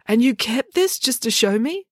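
A woman's voice: a little high, lively intonation, normal speed, no echo, studio quality, voice pushed up. A woman voicing a nervous, paranoid middle-aged father who startles at everything. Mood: jittery. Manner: nervous, alarmed exclamations.

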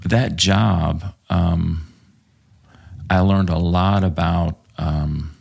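A former police officer from Texas, guesting on a podcast, rambles through war stories, cursing freely and using plenty of fillers. His low, steady voice is darkish and breathy, with vocal fry and drawn-out words.

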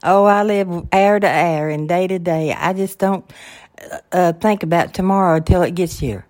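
Older lady, soft voice, chatting easy with her kid on a podcast. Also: on the low side, moderate pace. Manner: soft-spoken, simple short replies. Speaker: co-host, the host's mother. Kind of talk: casual chat.

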